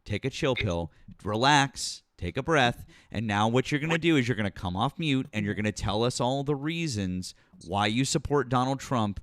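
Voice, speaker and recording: A man's voice: medium pitch, lively intonation, moderate pace, few pauses, fairly bright tone, no echo, clean studio sound. A man hosting a political call-in stream, arguing with a caller in a condescending, talk-over-him way. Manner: condescending, talks over the caller, calls him kiddo and bud. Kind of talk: combative live-stream debate.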